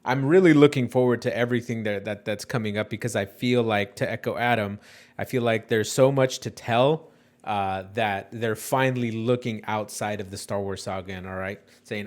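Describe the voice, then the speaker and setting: A man's voice: fairly low pitch, normal speed. A man in a casual fan discussion, speaking eagerly and with animation.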